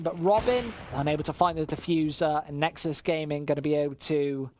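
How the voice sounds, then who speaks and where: A caster giving live play-by-play commentary on a match, rising in bursts of excitement over the big plays. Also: mid-range voice, fairly quick, few pauses, slight background noise. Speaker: esports caster.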